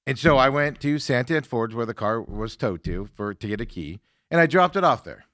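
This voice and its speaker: A talk show host from Arizona, US, tells a story in casual conversation, animatedly acting out other people's lines in quotes. His medium-pitched voice moves at a moderate pace, recorded with studio quality and no echo.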